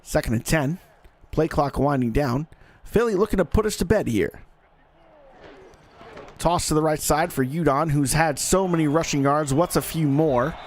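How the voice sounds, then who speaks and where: A man's voice: a little high, moderate pace, pauses often. A man giving live play-by-play commentary on a simulated football game in a folksy, joking manner that talks straight to the audience.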